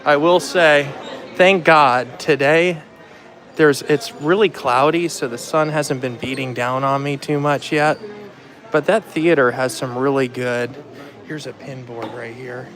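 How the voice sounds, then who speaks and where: A man's voice: medium pitch, fairly even intonation, a little slow, a bit bright. A man hosting a casual live vlog outdoors in a theme park. He chats freely on a handheld phone and greets viewers by name as he walks. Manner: chatty, greets viewers by name while walking. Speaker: livestream host.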